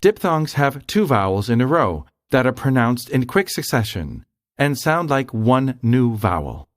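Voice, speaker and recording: A man reads a grammar lesson aloud at an unhurried pace, explaining each point with care. His pitch rises and falls a good deal. The sound is close and dry, with no room around it. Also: big pitch swings, dry recording. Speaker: language tutor. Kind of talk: scripted instructional narration.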